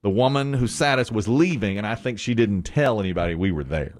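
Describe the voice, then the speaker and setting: A man's voice: on the low side, fairly quick. A middle-aged man co-hosting a morning radio show, telling a story in casual chat with frequent laughs and acted-out quotes. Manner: animated storyteller who laughs often and acts out quotes.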